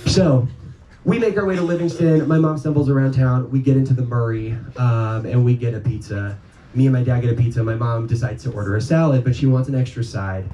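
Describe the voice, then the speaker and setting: Speaking briskly in a mellow, medium-pitched voice, a man from North Dakota spins a casual, rambling story before a live audience, peppered with ums and curses. The room is echoey and noisy, recorded from afar.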